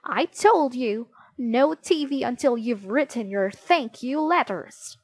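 A woman voicing a stern, nagging mother who scolds loudly. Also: a little high, expressive, takes it slowly, slight background noise. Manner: loud scolding.

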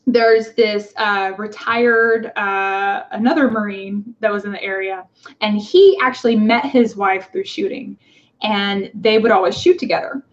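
A woman telling a personal story in casual conversation, halting with fillers and acting out the voices of people she quotes. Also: medium pitch. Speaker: guest. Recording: dull lo-fi sound.

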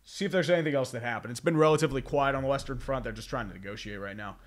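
A man's voice: medium pitch, racing. A man with a stuffy nose, hosting a live stream, chatting in a rambling way, reading out chat questions and swearing now and then. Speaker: livestream host reading chat. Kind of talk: casual live commentary.

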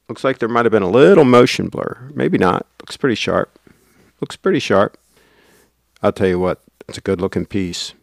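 A man's voice: on the low side, gravelly, no echo, clean studio sound. A man hosting a casual livestream, rambling and reading out viewer comments. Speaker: livestream host.

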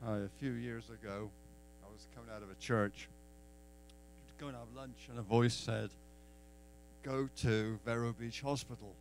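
A man's voice: lowish voice, fairly even intonation, moderate pace, gravelly, slight background noise, poor audio. English man telling a storied testimony. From England. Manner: storyteller who acts out quoted dialogue. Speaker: church member giving testimony. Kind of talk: personal testimony at an open mic. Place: church deck at an open-mic event.

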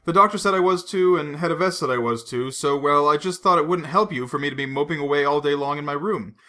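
A man reading aloud voices an earnest young woman who talks softly and pleads gently. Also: fairly high pitch, fast talker. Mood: cheerful.

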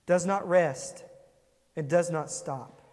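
A man's voice: fairly high pitch, slow pace, a little mellow, long reverb tail. A man preaching a conversational sermon, asking the congregation questions. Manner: conversational, asks the congregation questions, acts out quotes. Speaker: pastor.

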